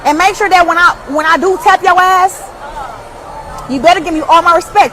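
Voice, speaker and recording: A woman's voice: very high-pitched, moderate pace, crowd noise, noisy background. A woman boxer trash-talking a rival in a taunting, profane, repetitive way. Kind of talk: trash talk.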